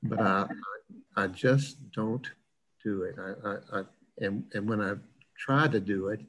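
A man's voice: on the low side, unhurried, fairly bright tone, poor audio. An older man from the American South with a plain Midwestern-sounding accent, lecturing in an online class in a chatty, rambling way with lots of fillers.

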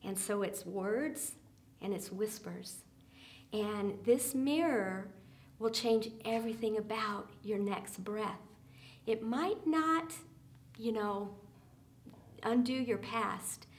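A woman leading a church small group, speaking earnestly with many fillers and often dropping soft and quiet for emphasis. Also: mid-range voice.

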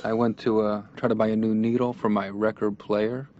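A man's voice: lowish voice, flat delivery, normal speed, darkish tone, soft background music, close to an everyday voice. An actor playing a wisecracking young male comedian patient, rambling through a sarcastic stand-up style monologue. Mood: wry. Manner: rambling, sarcastic, jokey asides. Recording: dull lo-fi cartoon soundtrack.

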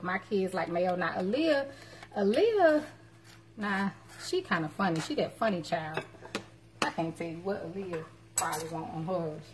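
A woman's voice: lowish voice, slight background noise. A woman cooking at home on a live stream, chatting and teasing as she talks to her viewers. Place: home kitchen. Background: clatter of dishes and cutlery.

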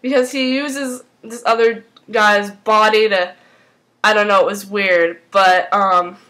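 A woman casually recapping a TV episode, rambling and excitable, filling her talk with "like". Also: mid-range voice, slow, low-quality recording. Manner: rambling and excitable, heavy use of "like".

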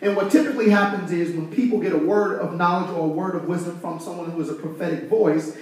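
High-voiced pastor preaching in an echoey church. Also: male voice, quick pace, darkish tone. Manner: fired-up, conversational preaching with call-and-response. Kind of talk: sermon. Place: church sanctuary. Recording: echoey room, from far off.

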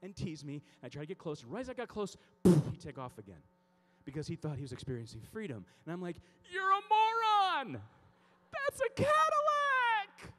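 A man speaking at a youth conference, telling comic stories and acting out scenes in an animated way. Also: fairly high pitch, fast talker, a little hiss or hum.

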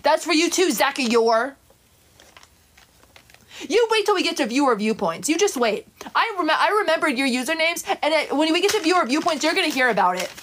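A woman's voice: high-pitched, big pitch swings, brisk, a bit bright. A woman on a live stream, scolding her chat in an indignant, sing-song way and breaking into improvised songs.

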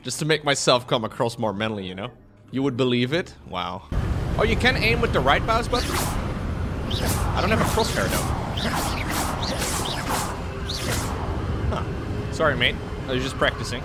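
A man's voice: medium pitch, big pitch swings, a little fast, loud music behind the voice. A young man streaming games, chatty and sarcastic, who laughs often. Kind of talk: casual gameplay commentary.

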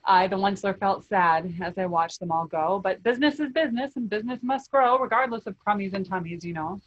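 A woman reading a rhyming children's storybook aloud in an expressive way. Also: mid-range voice, brisk, dull audio. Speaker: reader.

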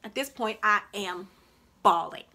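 A woman vlogger recounting a personal story with an emotional, animated delivery. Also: medium pitch, measured pace, noisy background. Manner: animated, reliving events in a rising voice. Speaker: vlogger recounting her childbirth.

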